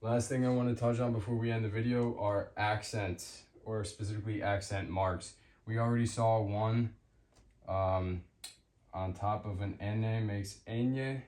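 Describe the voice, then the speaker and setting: A man giving an unscripted language lesson, pausing often with ums and restarting his sentences. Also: fairly low pitch, steady tone, a little mellow, reverberant. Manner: hesitant, with many ums and restarts. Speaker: language teacher.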